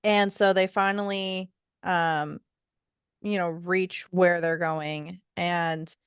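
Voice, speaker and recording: A woman's voice: fairly low pitch, steady tone, slow, clean tone, no echo, studio quality. A woman co-hosting a podcast, talking through a fantasy novel and reading passages aloud expressively. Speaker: podcast co-host. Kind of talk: casual book discussion with passages read aloud.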